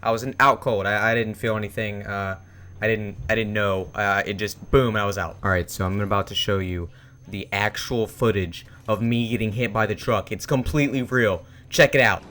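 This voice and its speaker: A man's voice: on the low side, steady tone, normal speed, a bit bright. A young man telling a personal story in a rambling, casual way, with many fillers and restarts. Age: young adult. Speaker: vlogger.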